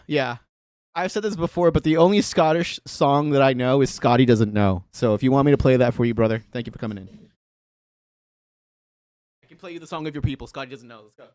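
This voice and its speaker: A man's voice: on the high side, expressive, fairly quick, pauses often, no echo, clean studio sound. An American man hosting a livestream of song requests, chatting loosely with viewers, joking, swearing and laughing often. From United States. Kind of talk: casual chat to a live chat audience.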